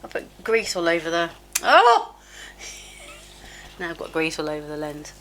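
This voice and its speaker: A woman's voice: deep voice, very animated, moderate pace, fairly bright tone. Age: 50s. Sex: woman. Style: chatty skincare vlog. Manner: chatty, self-deprecating, laughs at herself. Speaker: beauty vlogger. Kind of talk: casual skincare tutorial chat. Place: home, at a sink. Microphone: camera close up.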